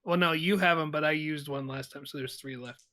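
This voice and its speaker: A man playing a tabletop game, quick with jokes and laughs. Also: fairly high pitch, fairly even intonation, pushed and bright. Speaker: player. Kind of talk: casual tabletop play.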